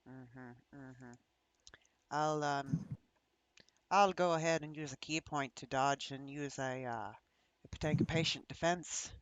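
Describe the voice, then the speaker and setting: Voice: mid-range voice, fairly even intonation, slow pace, fairly bright tone, dry recording. A player in a tabletop game talking casually, mumbling while checking rolls.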